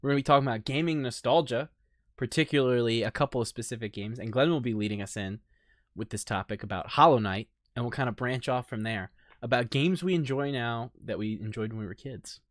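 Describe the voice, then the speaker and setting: A man's voice: mid-range voice, fairly quick, no echo, clean studio sound. A man hosting a casual livestreamed gaming podcast, introducing guests in an upbeat way. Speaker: podcast host.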